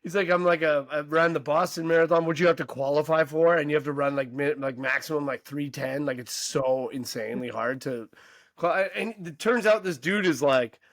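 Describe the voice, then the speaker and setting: A man's voice: on the high side, fairly quick, dry recording, studio quality. A man hosting a podcast, telling a story in casual chat and acting out the people in it. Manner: animated anecdote teller, mimics voices in quotes. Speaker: podcast host.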